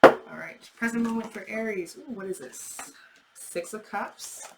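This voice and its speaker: A woman talks her way through a tarot spread at a relaxed, conversational clip, thinking aloud and dropping the occasional curse. Her voice sits in an ordinary middle pitch. A noticeable background noise and small clicks run under the recording. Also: normal speed. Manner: chatty, thinks aloud, swears casually. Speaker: tarot reader. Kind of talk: casual tarot reading.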